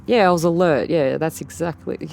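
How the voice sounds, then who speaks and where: With a low, creaky, slightly mellow voice, an Australian woman recounts a story to an interviewer at a normal speed. She rambles, repeating and rephrasing as she goes, over a little hiss or hum.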